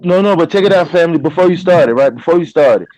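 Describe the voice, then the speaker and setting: A man's voice: a little high, expressive, fast talker, a little mellow, no echo. A man in a casual online panel chat, talking loosely with slang and frequent fillers. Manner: loose, slangy, keeps saying "you know what I'm saying". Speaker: panel guest. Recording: dry lo-fi call audio.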